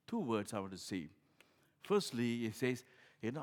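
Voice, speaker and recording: A man delivers a sermon with a mid-range voice. He builds to loud, emphatic bursts, then drops to quiet, low asides. He repeats phrases and restarts lines as he explains. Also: sing-song, normal speed, pauses often. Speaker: pastor.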